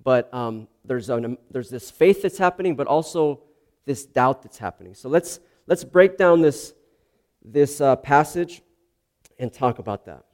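A man's voice: medium pitch, animated, a little slow. A man preaching, first praying and then reading scripture and explaining it in an earnest, conversational way. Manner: earnest, conversational, with restarts and asides. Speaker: pastor. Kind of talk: sermon with prayer and scripture reading.

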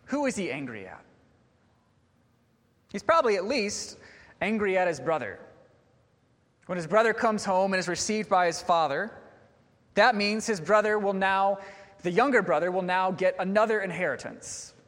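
A man with a high voice delivers a sermon in an earnest, questioning manner. His words echo with a long reverb through a church sanctuary. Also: expressive, moderate pace, long pauses, fairly bright tone. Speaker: preacher.

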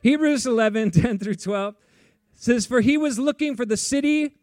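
A man's voice: very high-pitched, normal speed, a little mellow, no echo, studio quality. A man preaching a sermon in a casual, chatty way, laughing often and saying "like" a lot. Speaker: pastor.

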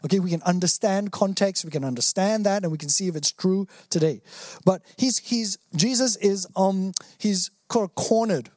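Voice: medium pitch, moderate pace, a little mellow, no room sound, clean studio sound. A preacher giving an earnest, emphatic sermon, acting out the quoted lines in different voices.

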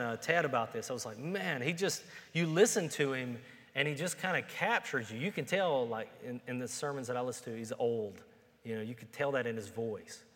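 A man preaching a sermon, moving from plain conversational talk to loud, emphatic peaks. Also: mid-range voice. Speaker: pastor. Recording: long reverb of a hall.

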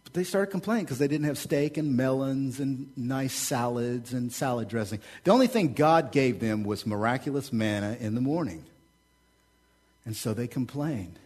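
A man, the pastor, preaching a sermon with energetic, repetitive rhetoric and casual asides. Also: medium pitch, normal speed.

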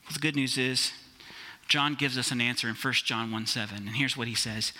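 A man's voice: medium pitch, fairly even intonation, moderate pace, pushed and bright. A man preaching a sermon as pastor, speaking conversationally and calling his listeners "guys".

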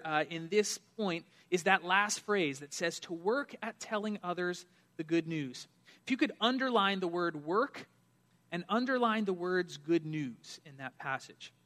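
Young pastor guy preaching, high bright voice, chatty and earnest, lots of uhs. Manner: earnest, conversational preaching with fillers. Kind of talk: sermon.

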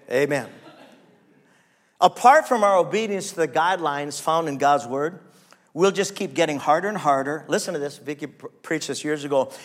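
A man preaching a sermon as pastor, reading scripture aloud and calling on the congregation for amens. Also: on the high side.

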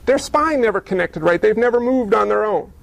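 A man's voice: sits high, expressive, brisk, gravelly, no echo. A male pastor preaching a sermon, joking and firing off rhetorical questions.

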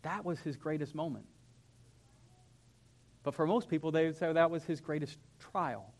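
A young male pastor with a fairly high voice gives a lively, conversational sermon in a church. His delivery swings between quiet, reflective passages and sudden energetic peaks. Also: normal speed. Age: young adult. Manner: animated, conversational, acts out whiny voices. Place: church sanctuary.

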